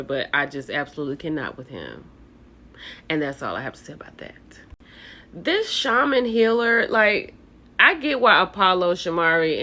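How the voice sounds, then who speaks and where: A woman's voice: fairly low pitch, pushed and bright. A woman hosting a casual reality TV recap, chatty and opinionated, talking straight to her viewers.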